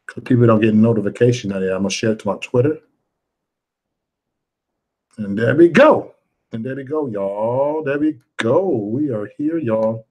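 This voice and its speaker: A man's voice: medium pitch, a little fast, warm tone. A man hosting a casual livestream, rambling loosely, greeting viewers one by one and cursing freely. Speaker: livestream host.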